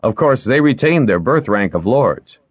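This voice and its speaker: A man reading aloud and voicing a placid, dryly wry older lord who speaks in a calm, measured way. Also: medium pitch, dry recording, dull audio, voice pushed up.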